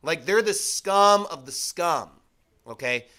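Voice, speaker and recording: Bright high-voiced man teaching the Bible. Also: animated, slow. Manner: conversational, full of rhetorical questions and "like"; emphatic, repeats his points.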